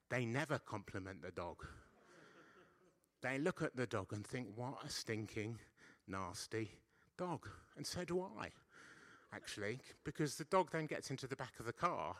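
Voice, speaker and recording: Man preaching, middle-aged, very bright tone, chatty, playful, questions to the congregation. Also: medium pitch. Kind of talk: lively church sermon. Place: church service.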